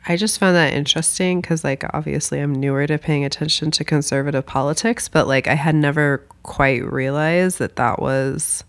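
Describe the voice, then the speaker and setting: Podcast co-host, woman, gravelly and fading voice, halting casual chat. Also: deep voice. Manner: hesitant, many fillers. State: losing her voice.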